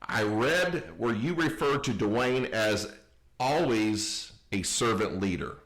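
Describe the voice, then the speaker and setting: A man hosting a podcast, asking an interview guest measured, prepared questions. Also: mid-range voice, a bit bright. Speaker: podcast host.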